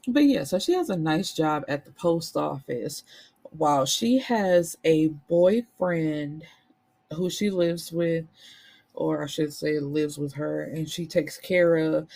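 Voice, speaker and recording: Woman casually recapping a book, low-ish voice, chatty, cusses a bit. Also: takes it slowly. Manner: chatty, animated, colloquial, swears. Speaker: book reviewer.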